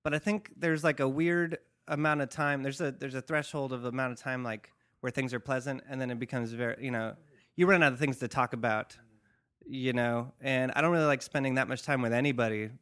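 Smooth-voiced man, rambling casually. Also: mid-range voice, fairly even intonation, fairly quick, fairly bright tone. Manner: rambling, many fillers, dry sarcasm. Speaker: podcast co-host. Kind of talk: casual chat.

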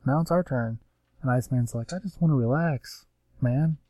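A man casually recapping a comic book issue, rambling with lots of fillers and quick acted-out quotes of the characters. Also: mid-range voice, dark tone, dry recording. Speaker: comics podcast co-host. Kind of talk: casual chat.

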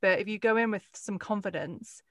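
A woman's voice: medium pitch, fairly quick, no echo. A woman interviewer speaks in a casual, supportive way and restates her guest's points. The recording is dry and close. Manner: encouraging, sums up the guest's points.

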